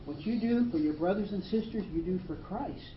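A woman's voice: mid-range voice, lively intonation, moderate pace, roomy sound, highs cut off, a little hiss or hum. A woman preaching a sermon, earnest and emphatic, reading scripture aloud. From Australia. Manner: earnest, emphatic preaching with dramatic read quotes.

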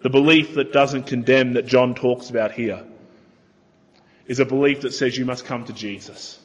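A man preaching a sermon in a church, earnest and emphatic, slowing down to stress his key points. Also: mid-range voice, steady tone, big-room sound, dull audio.

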